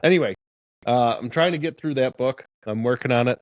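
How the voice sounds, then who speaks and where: A man's voice: mid-range voice, brisk, dry recording, lo-fi sound. A man co-hosting a podcast in casual chat, joking and teasing. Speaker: podcast co-host.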